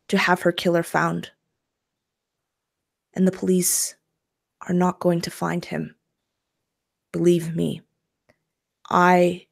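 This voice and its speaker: A woman voicing an intense male police inspector who speaks in a pressing, hushed way. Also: medium pitch, close to an everyday voice.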